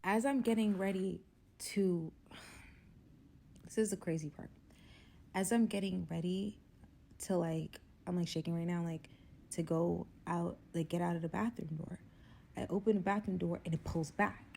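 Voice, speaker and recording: Animated young woman telling a storytime. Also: fairly low pitch, creaky. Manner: animated, acts out dialogue, swings to whispers. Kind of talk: casual storytime.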